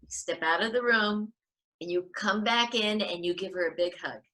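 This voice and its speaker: A woman guest on a podcast, giving parenting advice in an animated, chatty way and acting out little scenes. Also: medium pitch, normal speed, rough recording. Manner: animated, gives advice and acts out short scenes. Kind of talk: casual advice chat.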